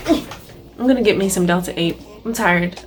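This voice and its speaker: A woman's voice: mid-range voice, normal speed. A young adult woman talking casually as an artist vlogger, full of "like" fillers, swearing and ranting. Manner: chatty, many "like" fillers, swears and rants with laughs. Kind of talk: casual vlog chat. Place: home art studio. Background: faint background music.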